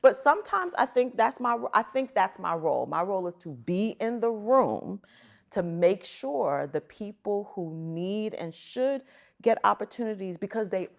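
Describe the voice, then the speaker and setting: A middle-aged woman, a guest on an interview show, telling stories in an animated, emphatic way. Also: mid-range voice, a little slow, creaky. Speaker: guest, arts center chief executive. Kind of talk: conversational storytelling.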